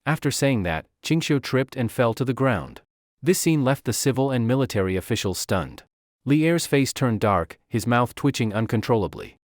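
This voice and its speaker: Male recap narrator, expressive mid-pitched voice, dry close mic. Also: normal speed, no echo.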